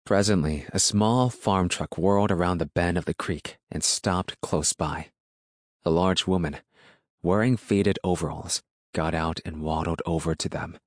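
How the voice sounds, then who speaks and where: Deep-voiced male audiobook narrator. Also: steady tone, unhurried, no room sound, studio quality. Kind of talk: scripted narration.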